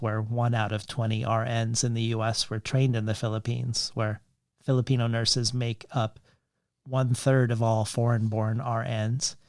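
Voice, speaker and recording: A man hosting a literary podcast interview, speaking in measured, long questions that weave in quoted lines and figures. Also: medium pitch, creaky, no room sound, studio quality. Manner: measured, reads quotations and statistics in long questions. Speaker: podcast host.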